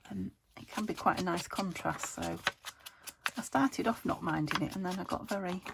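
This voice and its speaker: Middle-aged woman, low gravelly voice, half-whispered chat at a craft desk, noisy home recording. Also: normal speed. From United Kingdom. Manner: chatty, muttering to herself, often dropping to a whisper. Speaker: craft vlogger.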